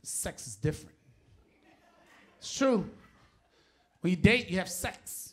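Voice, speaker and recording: A middle-aged man with a New York accent doing a profane stand-up set on a live stage, often shouting his punchlines and laughing through the bits. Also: high voice, big pitch swings, a little slow, pauses often. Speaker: stand-up comedian. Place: live comedy stage before an audience.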